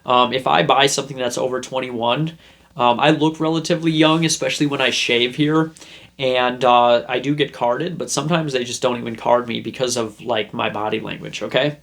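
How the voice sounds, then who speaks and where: A man's voice: mid-range voice, fairly even intonation, normal speed, gravelly, fairly bright tone. A young man hosting a self-help video, chatting casually and rambling through a story he acts out. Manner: rambling, acts out scenes in put-on voices. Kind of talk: casual talk to camera.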